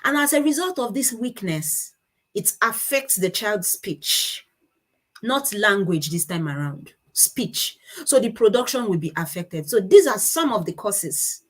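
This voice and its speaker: A woman speaking at a conference on child speech disorders presents with slides, explaining step by step and pausing to correct herself. Her medium-pitched voice is animated and a little slow.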